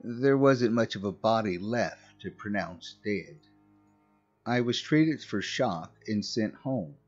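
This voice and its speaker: A man narrating a scripted horror story in a slow, measured way. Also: on the low side, lively intonation, breathy edge. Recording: muffled recording with faint music.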